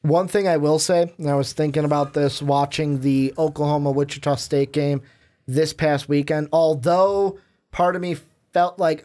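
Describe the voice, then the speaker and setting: A man's voice: fairly high pitch, moderate pace, a little mellow. Chatty male sports podcast host. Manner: chatty, drives the segment. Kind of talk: casual sports talk.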